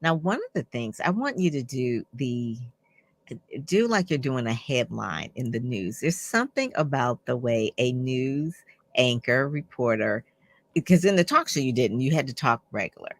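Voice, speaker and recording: A woman's voice: extremely low pitch, lively intonation, normal speed. A woman hosting an interview show, chatty and affirming, who often agrees and reacts with enthusiasm. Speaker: host. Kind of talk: interview conversation.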